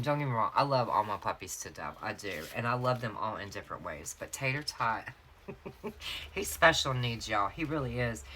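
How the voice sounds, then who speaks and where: A planner vlogger from North Carolina, USA, with a Southern accent, tells a long, chatty story while decorating a planner in her home craft office. Her extremely low voice is bright and forceful, full of laughter and drawn-out asides, with a little hiss or hum.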